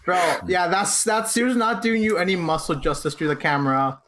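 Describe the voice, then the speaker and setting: A man's voice: high-pitched, moderate pace, a bit bright. A young man co-hosting a podcast, teasing his friends in joking casual chat. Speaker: podcast co-host.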